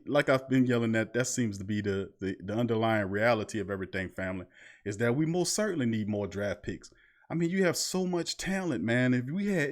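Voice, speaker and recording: A man hosting a live call-in sports show, talking in a casual, loose, fired-up way that repeats itself. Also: fairly low pitch. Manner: fired-up, repetitive street talk; casual, loose delivery with restarts.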